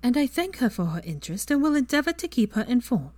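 A woman's voice: fairly high pitch, sing-song, fast talker, a little mellow, no echo, voice pushed up. A woman voicing a clever, stubborn young witch with a dry, wry way of talking, in a fan fiction reading.

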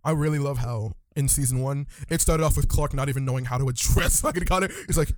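A man co-hosting a podcast in casual chat, joking and acting out characters in quick bits. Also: mid-range voice, no echo. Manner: animated, laughing, acts out characters in quick bits. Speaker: podcast co-host.

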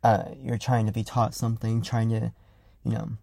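A young man hosting a casual solo podcast, talking loudly and rambling with lots of fillers as he reflects. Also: lowish voice, little pitch movement, normal speed, creaky, no room sound. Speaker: podcast host. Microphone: close studio mic.

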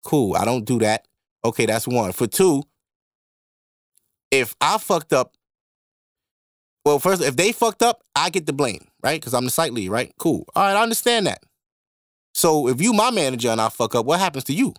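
A young man hosting a podcast, telling a personal story in a casual, animated and profane way. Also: on the high side, moderate pace, pauses often, no echo, studio quality. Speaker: podcast host.

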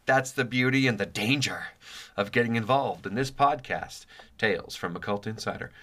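Jokey rambly podcast guy in his home office, bright punchy voice, still getting over a chest cold. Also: lowish voice, moderate pace. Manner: jokey and rambling, many fillers. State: recovering voice after a chest cold. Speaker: podcast host. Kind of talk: casual rambling podcast intro.

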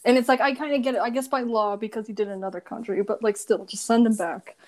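A young woman hosting a casual podcast chat, animated and quick to laugh, her talk full of "like". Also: a little high. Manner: animated, laughs often, fillers like "like". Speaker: podcast host.

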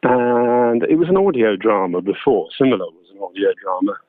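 A man, a voice actor and audiobook narrator, chatting casually in an interview, self-deprecating and quick to laugh. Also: fairly low pitch, dry recording. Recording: tinny phone line, dry.

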